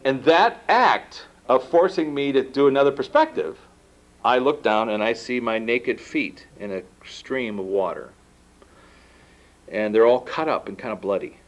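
A man giving a talk to an audience, telling a personal story with lively acted-out dialogue and laughing at himself. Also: mid-range voice, measured pace. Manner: animated, acts out quoted dialogue, laughs at himself. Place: lecture room. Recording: dull lo-fi talk recording.

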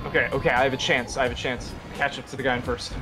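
A young man playing along with friends, joking, and shouting whenever something surprises him. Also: medium pitch, flat delivery, very fast, over music. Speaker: co-player. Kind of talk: casual gaming banter.

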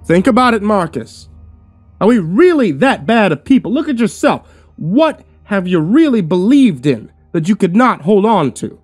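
A man voicing a sinister, persuasive male cult reverend who preaches in a booming, grandiose, taunting way, in a horror story reading. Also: big pitch swings, normal speed, darkish tone, faint music behind. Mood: preaching.

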